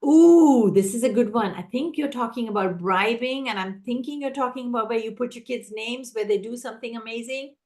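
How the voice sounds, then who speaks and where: A woman trainer answering teachers' questions in a live online session, energetic and animated, often acting out how a teacher talks. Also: fairly high pitch, a little fast, few pauses. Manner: energetic, animated, acts out teacher and child voices. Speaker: classroom management trainer.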